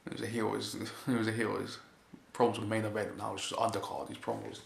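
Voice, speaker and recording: Low gravelly guy rambling thru a wrestling recap, says basically a lot, echoey room. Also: flat delivery, quick pace. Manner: rambling, repeats "basically", chuckles often. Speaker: wrestling show reviewer. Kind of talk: casual recap monologue. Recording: echoey room with faint hiss.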